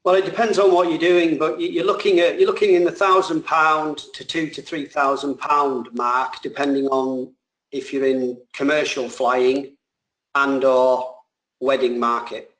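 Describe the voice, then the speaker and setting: A man's voice: on the high side, fairly even intonation, measured pace, a bit bright, roomy sound, low-quality recording. A man, a drone pilot and trainer answering questions in a casual, rambling way that often corrects itself mid-sentence.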